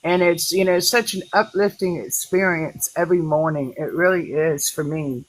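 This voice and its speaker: A woman's voice: fairly low pitch, steady tone, moderate pace, rough recording. Rambling, emotional woman. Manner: rambling, emotional, many fillers and restarts. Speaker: class participant. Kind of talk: casual chat on a group call.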